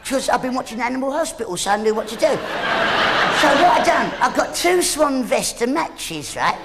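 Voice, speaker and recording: A man's voice: very high-pitched, sing-song, normal speed, creaky, heavy background noise. A man doing live stand-up comedy on a theatre stage, rambling and teasing the audience. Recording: live theatre, loud crowd laughter.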